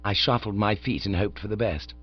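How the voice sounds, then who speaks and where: A man narrating an audiobook in the first person with relaxed, lightly comic storytelling. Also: fairly low pitch, a little fast, dry recording, highs cut off.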